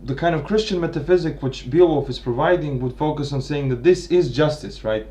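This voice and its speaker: A man's voice: fairly high pitch, fairly quick, dark tone. A man giving an unscripted analytical talk on a literary work, thinking aloud with frequent restarts and tag questions. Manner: thinking aloud, many restarts and "right?" checks. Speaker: literature commentator.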